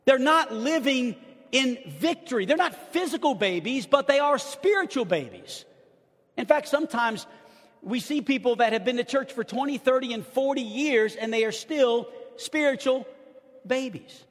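A middle-aged man preaching a sermon as pastor, impassioned, swinging between loud outbursts and hushed asides, with stammered restarts. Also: very high voice, animated, normal speed. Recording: long hall reverb.

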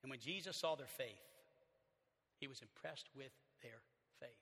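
A male pastor with a Southern accent preaching a sermon in a church, animated, swinging from loud to hushed. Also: mid-range voice, moderate pace, slightly rough. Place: church sanctuary. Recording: long church reverb.

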